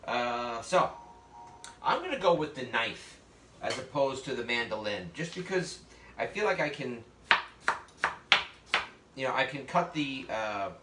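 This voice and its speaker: A man's voice: mid-range voice, sing-song, a little slow, pauses often, very noisy. A man teaching a live online cooking class over a video call, explaining each step in a chatty, joking way with plenty of fillers. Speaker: cooking instructor. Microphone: webcam on a video call. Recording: echoey room.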